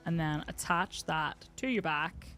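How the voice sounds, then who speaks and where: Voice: mid-range voice, measured pace, pushed and bright, faint music behind. A streamer from the UK giving wry, muttering running commentary while playing a game. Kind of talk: casual gameplay commentary.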